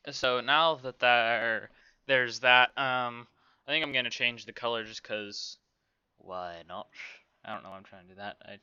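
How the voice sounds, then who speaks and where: A man's voice: on the low side, sharp tone, clear, resonant tone, no echo, muffled recording. A man casually talking through a game development tutorial, rambling to himself with many fillers. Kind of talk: casual screen-recorded tutorial.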